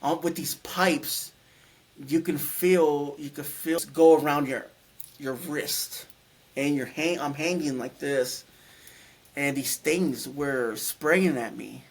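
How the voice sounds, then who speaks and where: Middle-aged man, a touch high-pitched, halting and rambling storyteller. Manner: rambling, halting, many restarts and fillers. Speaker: guest telling his near-death story. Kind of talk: casual storytelling interview.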